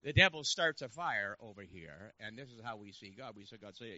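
A male preacher with a gravelly, very bright voice delivers a sermon. He swings from hushed reflection up to loud emphatic peaks, and the recording sounds a little muffled. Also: medium pitch, animated, moderate pace, no echo. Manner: builds from quiet reflection to loud shouted emphasis.

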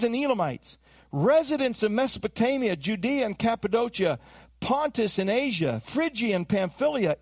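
Man, pastor, sermon, high voice, very lively pitch, dull dry lo-fi recording. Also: no echo. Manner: animated preaching, acts out voices and accents.

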